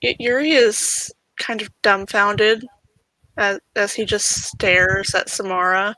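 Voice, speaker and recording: A game master narrating a tabletop role-playing game in a calm telling, with small stumbles and repeated words. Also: medium pitch, slow pace, no room sound, rough recording.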